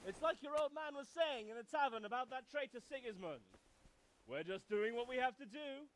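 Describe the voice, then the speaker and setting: An actor voicing a rowdy young prankster in a video game, boisterous and bossy. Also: male voice, very high voice, expressive, fairly quick, a bit bright. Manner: boisterous, commanding. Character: rowdy young male prankster shouting orders. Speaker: game character.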